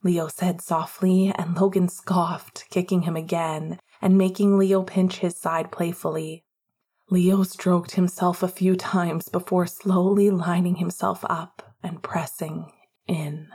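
A woman narrating a romance audiobook in a hushed, often half-whispered delivery. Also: lowish voice, flat delivery, slow pace, breathy edge.

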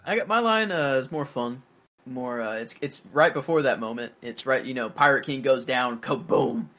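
A playful man co-hosting a podcast who laughs easily. His voice is bright and forward, sitting at a middle pitch. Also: normal speed. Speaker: podcast co-host. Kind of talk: casual chat.

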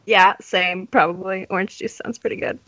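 A woman's voice: mid-range voice, steady tone, normal speed, bright, forceful tone, muffled recording. A woman playing a tabletop game, offhand and joking, evasive in character. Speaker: player. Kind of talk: casual tabletop game chat.

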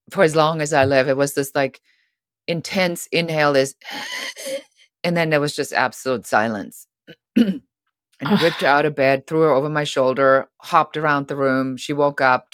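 A middle-aged woman guest on a podcast, telling stories in a lively way and acting out the voices of people she quotes. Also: sits low, normal speed, no room sound, clean studio sound. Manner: animated, acts out quoted voices. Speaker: guest author. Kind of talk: storytelling interview talk.

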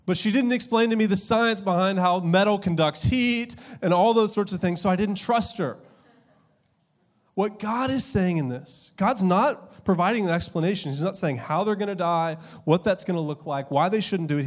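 A young man preaching a sermon as pastor, conversational and humorous, with quick asides and slow emphatic drops. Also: high voice.

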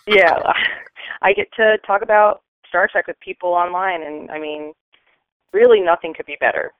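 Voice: medium pitch, normal speed, smooth, no echo. A guest calling in to a podcast in casual chat, eager and friendly. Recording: tinny phone line.

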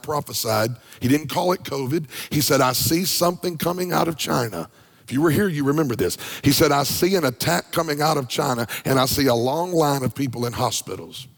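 Gravelly man preaching in a hall. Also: medium pitch. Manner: conversational preaching, emphatic repetitions. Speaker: pastor. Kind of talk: sermon. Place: church sanctuary.

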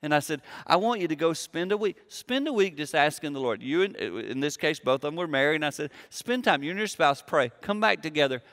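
A man's voice: on the high side, lively intonation, a little fast, few pauses, fairly bright tone, big-room sound. A man giving a sermon as a pastor, telling a personal story in a conversational way and acting out the dialogue. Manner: conversational, acts out quoted dialogue.

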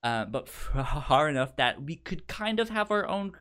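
Stammering, laughing man, lively slow talk. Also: fairly high pitch, clean tone. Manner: stammering, laughs a lot while telling stories. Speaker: podcast co-host. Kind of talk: casual chat.

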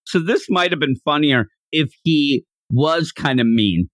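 Animated man recapping, dry close mic. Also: a little high, unhurried, dry recording. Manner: animated, acts out characters' lines while recapping. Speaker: podcast co-host. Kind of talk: casual chat recapping a comic.

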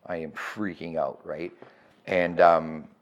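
A man's voice: deep voice, steady tone, slow, highs cut off. A middle-aged man telling his recovery story as a guest, candid and profane, often checking in with "right?".

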